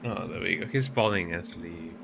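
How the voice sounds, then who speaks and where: A man's voice: sits low, normal speed, creaky, noisy background. Rambling young man streaming a game. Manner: rambling, talks sweetly to his cat in baby talk. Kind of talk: casual gameplay commentary. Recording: game music behind the voice.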